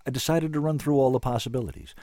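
A man's voice: mid-range voice, fast, warm tone, no echo. A man giving dry, wry first-person scripted narration as an audiobook narrator.

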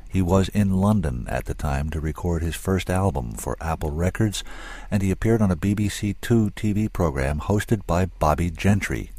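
Deep-voiced man reading a story. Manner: measured, expressive storytelling. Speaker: radio host and reader. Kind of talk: reading fiction aloud.

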